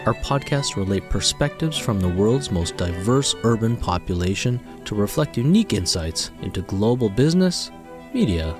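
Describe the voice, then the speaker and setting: Lively male podcast host over music. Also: lowish voice, normal speed. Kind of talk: podcast hosting and read intro.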